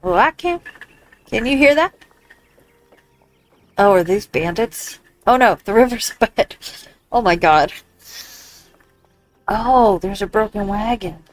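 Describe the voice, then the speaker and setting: A woman's voice: medium pitch, lively intonation, takes it slowly, pauses often, dry recording, poor audio. A woman giving casual commentary while playing a video game, exclaiming often and reading on-screen text aloud. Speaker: gamer.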